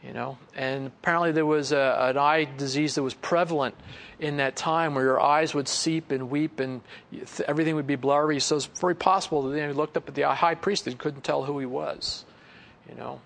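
Middle-aged male pastor, slightly high, gravelly voice, relaxed verse-by-verse Bible teaching with chatty asides. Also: a little fast. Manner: conversational, reads scripture then explains it with chuckles and asides.

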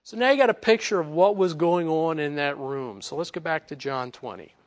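A man giving a conversational Bible teaching, casual and animated, chuckling between points. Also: a little high, normal speed.

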